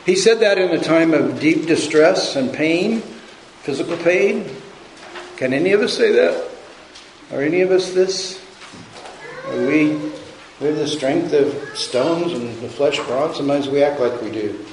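A man preaching a sermon in a conversational, halting way, often restarting and repeating his words. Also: on the high side, expressive, roomy sound, slight background noise, poor audio. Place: church sanctuary.

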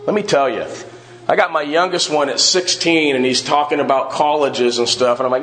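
A middle-aged man leads a church Bible class in an earnest, questioning way. His voice sits a bit high for a man. The room adds a noticeable echo. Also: brisk, a bit bright. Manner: earnest, asks the group questions, often adds "all right?". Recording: echoey room.

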